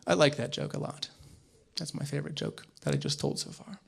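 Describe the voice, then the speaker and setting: Stand-up comic, young man, slightly high voice, quick delivery that jumps into loud acted-out characters. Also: gravelly, husky. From American South. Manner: quick, animated, acts out voices with sudden loud bursts. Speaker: stand-up comedian. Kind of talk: stand-up set. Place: comedy club stage.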